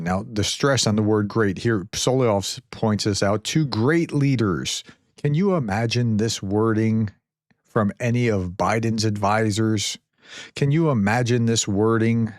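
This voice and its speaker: A man's voice: medium pitch, no echo, studio quality. A man giving earnest, casual commentary on translated clips, paraphrasing quotes in a plain reading voice.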